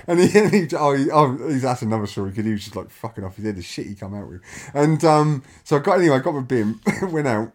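A man's voice: medium pitch, expressive, quick pace. Bloke in his 40s, rambly podcast chat, keeps laughing mid story. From Ipswich, England. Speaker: podcast host. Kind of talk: casual chat.

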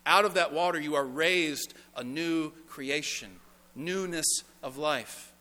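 A man preaching a sermon in a church, rising to strong emphasis and dropping to quiet, earnest pleading. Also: a little high, slow. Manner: preaching with swells of intensity and hushed, earnest pleading. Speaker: pastor. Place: church sanctuary. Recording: church sanctuary with long reverb.

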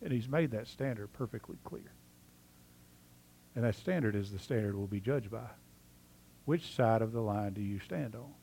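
A male pastor preaching a sermon, telling a story with lively swings between loud animated passages and quiet, earnest asides. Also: fairly low pitch, normal speed, creaky, pauses often, slight background noise.

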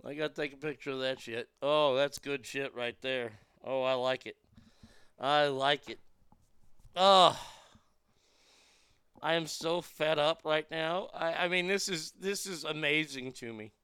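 Crude mocking man with a gravelly voice. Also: a little high, unhurried, a bit bright, no echo. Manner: mocking, profane, laughing at what he reads. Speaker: show host. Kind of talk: crude comedic commentary.

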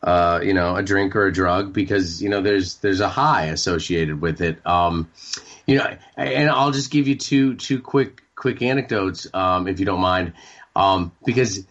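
A man in his forties from Maine, a radio show guest talking candidly, halting and repeating words with many fillers. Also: low voice, a bit bright, highs cut off. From Maine, United States. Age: 40s. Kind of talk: candid interview talk.

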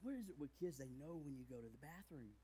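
A man's voice: very animated, quick pace, warm tone, husky. A man in his thirties, a pastor giving a playful children's sermon with jokes and big swings in his voice. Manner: playful, jokey, big swings in pitch and volume.

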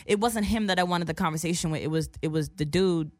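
Fast-talking, profane young woman storyteller. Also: fairly low pitch, no echo, studio quality. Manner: profane, animated, acts out other people's lines. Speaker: guest telling a story. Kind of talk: casual storytelling chat.

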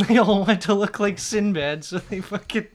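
A man's voice: high-pitched, moderate pace. A man hosting a podcast, telling crude stories in casual chat and laughing often. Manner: laughing, crude storytelling with put-on quotes. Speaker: podcast host.

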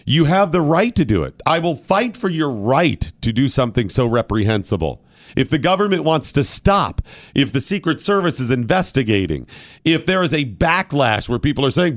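A man's voice: mid-range voice, no echo, clean studio sound. A male radio host giving argumentative, opinionated commentary and firing off rhetorical questions.

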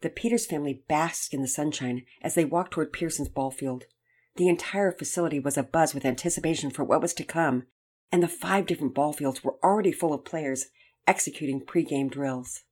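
A woman narrating a children's storybook in a measured, gentle read-aloud manner. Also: low-pitched.

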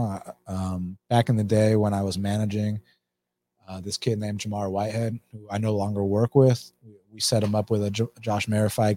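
A mellow, low-voiced man from Atlanta in the Southern US hosts a casual stream. He's easygoing, reads the chat out loud, laughs frequently and swears.

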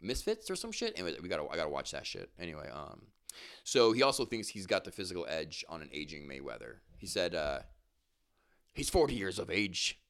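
A man's voice: low-pitched, sing-song, quick pace, fairly bright tone, clear, resonant tone. A man co-hosting a sports podcast, rambling and joking crudely with many fillers. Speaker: podcast co-host. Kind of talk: casual sports chat.

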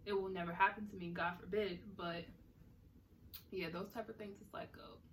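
A young woman from Central New Jersey co-hosting a podcast in casual chat, talking in an animated, emphatic way. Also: medium pitch, normal speed. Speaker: podcast co-host. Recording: distant mic with faint noise.

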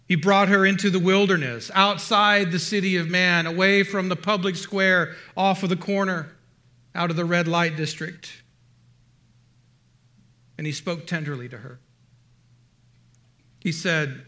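A man preaching a sermon, slow and dramatic, often dropping to soft hushed tones. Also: high-pitched, fairly even intonation. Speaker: pastor.

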